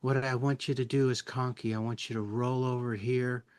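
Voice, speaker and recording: A man doing an impression of a relaxed male TV star speaking softly off camera. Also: medium pitch, normal speed, clean tone, natural voice. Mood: mellow. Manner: soft, relaxed, mellow.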